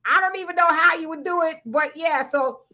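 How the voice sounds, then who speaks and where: A middle-aged woman with a high, bright voice, chatting casually as host of a live talk. She tells stories with animation, jumping into the voices of the people she quotes. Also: fairly quick. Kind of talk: casual storytelling chat.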